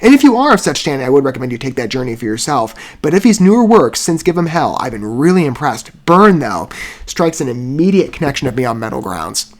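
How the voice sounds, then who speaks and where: A male music reviewer speaking at an average pitch into a close mic. He talks in long, wordy sentences, often restarting as he looks for the right phrase, with a soft laugh now and then. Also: big pitch swings, quick pace. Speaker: music reaction host.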